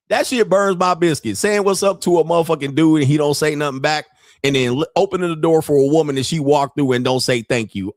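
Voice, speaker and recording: A man's voice: a little high, no room sound, studio quality. A man hosting a podcast who talks in loose, profane, comedic commentary, laughs often and acts out street exchanges. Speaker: podcast host.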